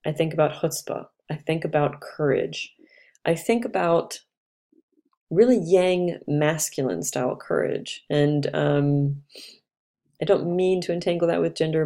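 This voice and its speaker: A woman's voice: low voice, vocal fry, warm tone. A woman astrologer giving a casual, chatty talk, reflective and loose, with fillers and restarts.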